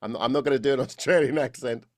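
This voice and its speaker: A British man, a voice coach, explaining technique in a relaxed interview, often laughing and restarting his sentences. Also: mid-range voice, quick pace, no echo, studio quality. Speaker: voice coach guest.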